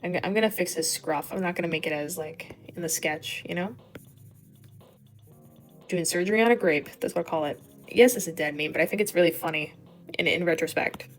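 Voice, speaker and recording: A woman's voice: lowish voice, a little fast, soft background music. A young woman rambling casually while she draws, with lots of fillers and free swearing. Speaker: digital artist. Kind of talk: rambling voice-over while drawing.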